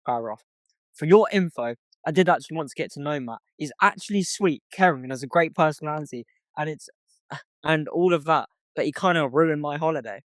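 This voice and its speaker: Young man reading out texts, slightly high voice. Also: brisk, fairly bright tone, no echo. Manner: storytelling, reading out text messages, swearing. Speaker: podcast co-host. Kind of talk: casual chat.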